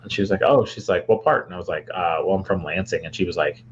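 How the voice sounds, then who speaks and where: A man's voice: deep voice, fast talker, highs cut off, slight background noise. A young man from Michigan, a podcast co-host, telling a long rambling story with lots of fillers and restarts. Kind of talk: casual storytelling chat.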